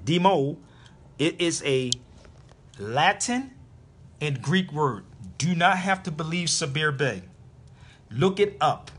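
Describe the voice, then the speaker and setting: Lecturing on a live stream, an internet radio host with a husky, fairly high voice drives his points home through repetition. His intonation is lively, with plenty of rise and fall.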